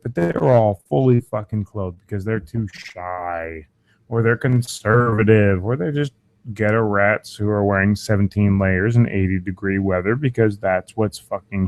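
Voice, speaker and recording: A man's voice: lowish voice, dry recording. A man hosting a crude comedy podcast, swearing and mocking the news, his voice strained. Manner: profane, mocking, animated. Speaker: podcast host.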